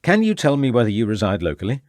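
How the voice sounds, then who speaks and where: A brisk, determined Victorian police inspector, read by a man. He questions in formal, pressing sentences with a lively, rising voice, recorded dry and close. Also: medium pitch, no echo. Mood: urgent.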